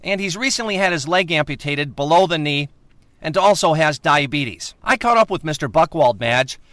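A man delivering a mock news report as a correspondent, with a clipped, bright delivery. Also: a little high, animated, moderate pace, no room sound.

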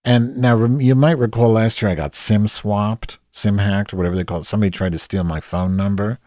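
A man's voice: on the low side, steady tone, a little fast, dark tone, dry recording, studio quality. A man telling a comic story as a rant, profane and exasperated. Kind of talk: comedic rant monologue.

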